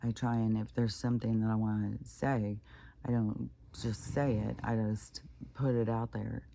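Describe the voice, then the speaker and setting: A woman's voice: very deep voice, flat delivery, moderate pace, creaky, mellow, a little hiss or hum. A woman vlogger talking in a casual, rambling monologue, full of fillers and the odd swear word. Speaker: spiritual vlogger.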